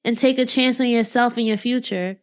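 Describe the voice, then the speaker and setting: A woman hosts a conversational interview in a fairly high voice. She asks probing questions and checks in with "right?" as she talks. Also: steady tone, brisk. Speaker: podcast host.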